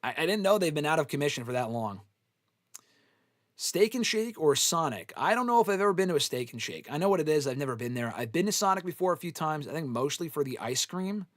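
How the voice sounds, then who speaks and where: A young man runs a live fan Q&A in a loose, profane, offhand way. His voice sits a touch high for a man. The sound is dry and close, with no room echo. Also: big pitch swings, fast. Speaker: host answering fan questions. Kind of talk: casual live Q&A chat.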